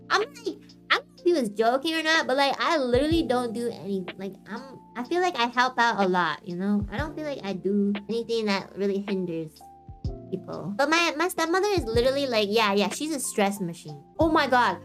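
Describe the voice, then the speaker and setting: A woman's voice: a little high, sing-song, fairly quick, a bit bright. Chatty young woman streamer, faint music. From Canada. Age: 20s. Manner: frank and chatty, heavy on fillers and swearing. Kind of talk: casual chat.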